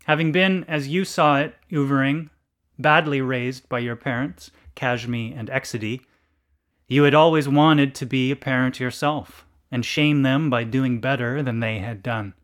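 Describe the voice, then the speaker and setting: Slow, deadpan male storyteller. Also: medium pitch. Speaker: narrator. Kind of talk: scripted story narration.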